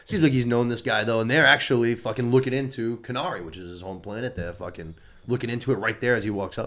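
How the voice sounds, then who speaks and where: A man's voice: medium pitch, fast talker, fairly bright tone. A man co-hosting a podcast, chatting casually about a series, swearing and acting out characters' lines. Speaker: podcast co-host. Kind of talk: casual review chat.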